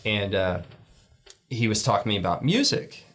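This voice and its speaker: A man's voice: sing-song, moderate pace, fairly bright tone. Heartfelt rambling man telling a story. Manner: rambling, heartfelt, acts out quoted lines in a higher voice. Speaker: guest. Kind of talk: storytelling in a church talk show.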